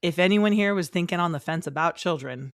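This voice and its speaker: Jokey, animated woman podcast co-host. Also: fairly low pitch, a little fast, no echo, clean studio sound. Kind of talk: casual chat.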